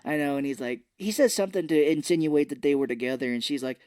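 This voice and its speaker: A man with a fairly high speaking voice rambles through a movie plot in casual podcast chat, stringing scenes together with "and he's like." The sound is dry and close, with no room around it. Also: quick pace, a little mellow, clean tone, no echo. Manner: rambling plot retelling with quoted lines. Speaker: podcast co-host. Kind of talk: casual film recap chat.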